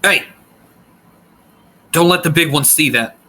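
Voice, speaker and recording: A man voicing a burly, half-rotted male bartender in a tabletop game, gruff and wary. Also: on the high side, slow pace, pushed and bright, exaggerated voice.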